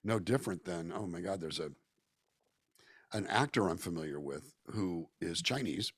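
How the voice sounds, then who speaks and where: In a dry, studio-quality recording, a low-pitched, slightly rough male voice moves at a normal pace. He's a Southern Californian musician and actor appearing as a guest, thoughtfully talking at length over video call in a relaxed interview. He acts out quoted voices and comes across as reflective and chatty.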